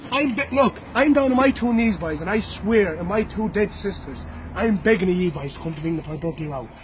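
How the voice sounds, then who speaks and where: Irish fighter guy, really high voice, taunting and threatening, keeps repeating himself, faint noise behind. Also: animated, brisk. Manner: taunting and threatening, repeats names and "boys" often. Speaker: bare-knuckle fighter. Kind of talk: recorded challenge to a rival.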